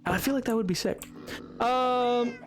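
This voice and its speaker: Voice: mid-range voice, normal speed, music in the background. A livestreamer chatting casually while gaming, rambling with lots of restarts and filler words.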